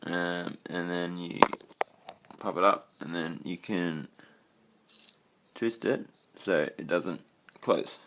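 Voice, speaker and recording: Casual room-tour vlogger: young Australian guy, deep voice, meandering and sweary. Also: slow, pauses often, a bit bright, a little hiss or hum. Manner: rambling, swears casually, trails off with fillers. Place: own bedroom.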